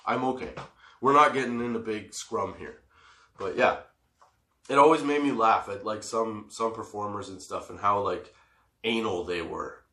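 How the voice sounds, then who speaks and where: A man's voice: on the low side, moderate pace, pushed and bright. A man telling a story in a casual, profane way, laughing often and re-enacting scenes. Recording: echoey room.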